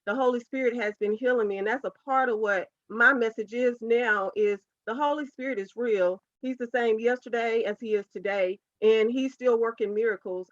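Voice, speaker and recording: A woman's voice: medium pitch, a bit bright, dry recording. A woman, a podcast guest telling a personal story as a heartfelt, earnest faith testimony. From United States, South Carolina. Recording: dull, dry lo-fi podcast audio.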